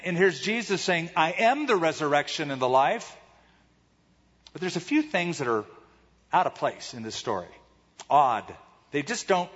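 Male pastor, husky, slow and deliberate, dramatic sermon style, muffled hall sound. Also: medium pitch, a bit bright. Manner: dramatic, rhetorical questions, acts out quoted voices.

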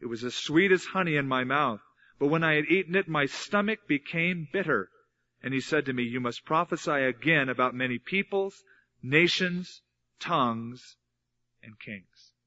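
Man, preacher, sermon, earnest Bible teaching, slightly high voice, dull lo-fi sound. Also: expressive, moderate pace, bright, forceful tone. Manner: earnest, explanatory Bible teaching with emphatic repetition. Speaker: pastor.

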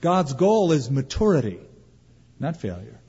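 A man delivers a sermon with emphasis, pausing and asking rhetorical questions. His voice sits a little high and sounds husky. It rings with a long reverb, as in a big church hall. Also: sing-song, warm tone, highs cut off. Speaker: pastor.

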